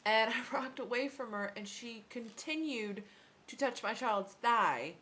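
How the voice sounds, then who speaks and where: A woman's voice: on the high side, lively intonation, unhurried, bright, forceful tone. A young woman ranting casually to her camera at home about motherhood, sarcastic and swearing, with many ums. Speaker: vlogger.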